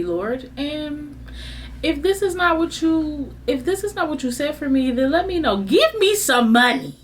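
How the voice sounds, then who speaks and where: A woman in her thirties venting in a candid casual chat, swinging between low subdued lines and high exasperated bursts, laughing through her frustration. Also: very animated, a little slow, slight background noise. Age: 30s. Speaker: vlogger.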